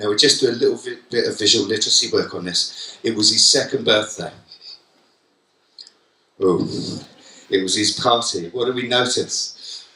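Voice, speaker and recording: A man delivers a keynote in a conference hall, lively and joking as he throws questions straight at the audience. His voice is very bright and sharp-edged. It is picked up from a distance, with the hall's echo ringing around it. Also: fairly low pitch, unhurried. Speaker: keynote speaker. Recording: echoey hall from far off.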